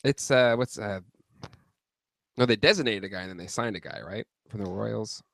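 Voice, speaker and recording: A man's voice: lowish voice, moderate pace, gravelly, a bit bright, dry recording, studio quality. A man from San Diego co-hosting a podcast, talking earnestly and hesitantly with lots of fillers about his home teams. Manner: earnest, hesitant, many likes and ums. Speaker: podcast co-host. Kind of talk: casual sports chat.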